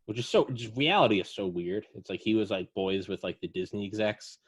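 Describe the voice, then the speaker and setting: A man chatting casually as a podcast co-host, telling a rambling, animated story full of fillers. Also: lowish voice, a little fast, breathy edge. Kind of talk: casual chat.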